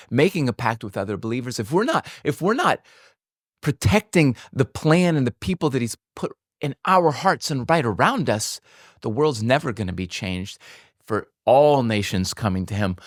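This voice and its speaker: A man's voice: medium pitch, no echo, clean studio sound. A male pastor preaching a sermon in an impassioned way, often repeating and restarting words. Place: church.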